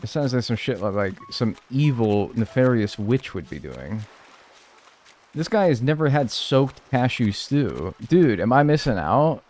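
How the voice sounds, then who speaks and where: A man's voice: mid-range voice, very animated, measured pace, darkish tone. A man streaming live, chatting casually and joking as he reads and answers his chat.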